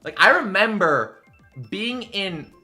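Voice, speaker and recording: Bright-voiced young man rambling animatedly. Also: high voice, slow, soft background music. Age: 20s. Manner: rambling, filler-heavy, animated. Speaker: streamer. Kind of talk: casual storytelling while gaming.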